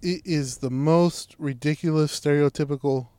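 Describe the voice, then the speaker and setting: A man's voice: a little high, steady tone, moderate pace, mellow, smooth, no room sound. Profane joking podcast man, dry sound. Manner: profane, joking, mock voices. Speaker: podcast co-host. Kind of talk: crude casual chat.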